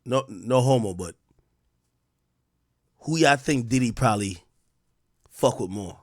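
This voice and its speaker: A man doing casual live-stream commentary, reacting to clips and reading out donations, with loud animated outbursts. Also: medium pitch, unhurried. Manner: animated, loud bursts of laughter and shouting, reads donations.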